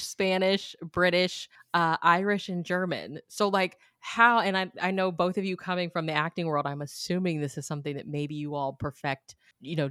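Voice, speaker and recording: A woman podcast host with a smooth, clear voice that sits slightly low. She asks her questions casually, searching for words as she goes. The sound is dry and close. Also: fairly bright tone, dry recording. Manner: casual, questioning with likes and restarts. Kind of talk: interview questions.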